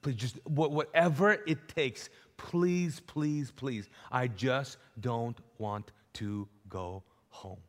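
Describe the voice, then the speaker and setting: A man's voice: on the low side, measured pace, long pauses, slightly rough. A man acting out a desperate, tormented man who pleads and repeats himself, with a long church hall reverb. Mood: pleading.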